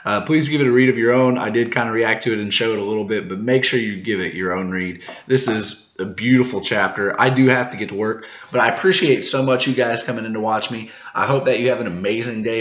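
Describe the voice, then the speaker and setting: A man hosting a manga reaction video, recapping the chapter in a casual, excited way, laughing often and tripping over his words when he gets hyped. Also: lowish voice, fast, hardly any pauses, reverberant, lo-fi sound. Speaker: manga reaction channel host.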